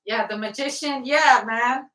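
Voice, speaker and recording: High bright-voiced woman reading tarot. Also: unhurried. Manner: profane, laughing, blunt. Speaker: tarot reader. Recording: roomy sound from off the mic.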